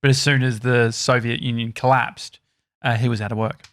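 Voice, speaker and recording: A man's voice: medium pitch, little pitch movement, moderate pace, fairly bright tone, no echo. An Australian man hosting a podcast, telling rambling stories in casual chat with plenty of hesitations. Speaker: podcast host.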